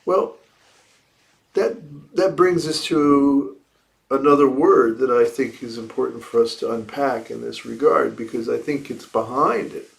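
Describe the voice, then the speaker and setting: Slow, reflective male Buddhist teacher. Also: mid-range voice, vocal fry. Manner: reflective, asks rhetorical questions and repeats key phrases. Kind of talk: dharma talk after meditation. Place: livestreamed evening service.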